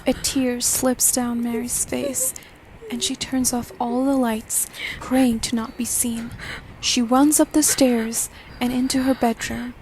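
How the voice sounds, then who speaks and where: A woman narrating a scripted horror story, often dropping to a hushed, slow, whispery delivery. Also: fairly high pitch, lively intonation, a little hiss or hum. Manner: hushed, slowing to whispery dread.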